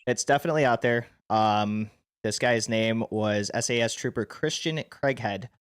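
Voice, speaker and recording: A man's voice: medium pitch, moderate pace, clear, resonant tone, no room sound, clean studio sound. A man co-hosting a podcast, reading out background facts in a casual way with fillers. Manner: reads out details with fillers. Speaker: podcast co-host.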